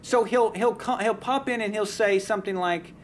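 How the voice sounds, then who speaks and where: A man's voice: high voice, moderate pace, a little hiss or hum. A man hosting a casual live sports talk stream, giving blunt, heated opinions and often restarting his sentences. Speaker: sports talk show host.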